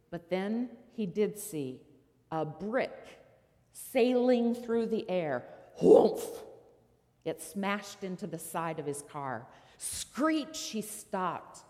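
A woman's voice: mid-range voice, a little mellow, in a large hall. A woman preacher giving a sermon, telling a story and asking the listeners rhetorical questions.

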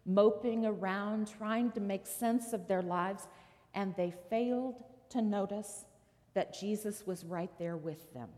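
A woman's voice: mid-range voice, slow, dark tone, in a large hall. A woman preacher giving a sermon, telling a story and asking the listeners rhetorical questions.

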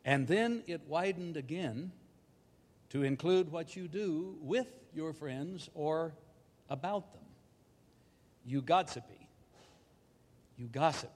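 Man, unhurried scripted talk with dry wit, slightly high voice, long hall reverb. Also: darkish tone. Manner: measured, deliberate delivery with dry wit.

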